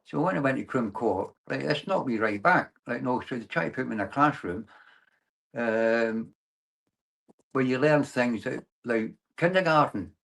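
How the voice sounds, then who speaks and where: A man in his sixties from Glasgow, telling his own story as an interview guest, in a halting way with frequent restarts and the filler "like, no". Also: mid-range voice, expressive, vocal fry, a bit bright. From Glasgow, Scotland. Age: 60s. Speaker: guest, abuse survivor and campaigner. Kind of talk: personal testimony in conversation.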